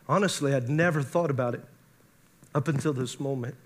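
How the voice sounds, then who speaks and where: A man's voice: medium pitch, a little fast. A man preaching a testimony to a live audience, emotional and acting out the dialogue as he tells it. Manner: emotional, acts out quoted dialogue. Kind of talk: sermon testimony storytelling.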